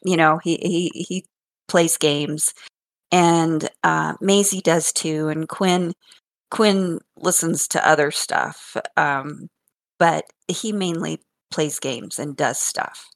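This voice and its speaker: An older woman takes it slowly in a deep voice with vocal fry, animatedly telling funny stories about her grandchildren in casual chat, often laughing and repeating words.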